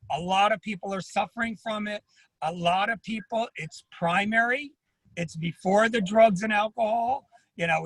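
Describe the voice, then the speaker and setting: A man with a high, husky voice talks earnestly and personally as an addiction therapist at an online panel. He tends to repeat words as he speaks. His sound is dry and close, with no room around it. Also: fairly bright tone, no room sound, poor audio. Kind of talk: panel talk at an online symposium.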